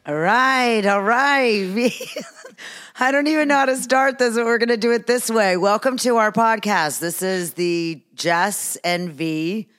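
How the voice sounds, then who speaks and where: A woman's voice: a little high, measured pace, a bit bright, soft background music. A woman in her fifties hosting a casual podcast with her daughter, playful and laughing often. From United States. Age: 50s. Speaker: podcast host, comedian. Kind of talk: casual chat.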